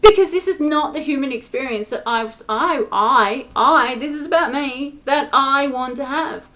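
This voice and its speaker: A woman's voice: high voice, normal speed, fairly bright tone. A woman in an angry, exasperated rant to camera, swearing often and stressing her words. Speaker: spiritual vlogger.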